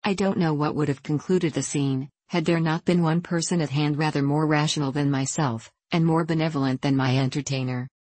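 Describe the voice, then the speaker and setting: Low-voiced woman reading an audiobook. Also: steady tone, brisk, hardly any pauses, darkish tone, no echo. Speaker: audiobook narrator. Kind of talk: scripted narration.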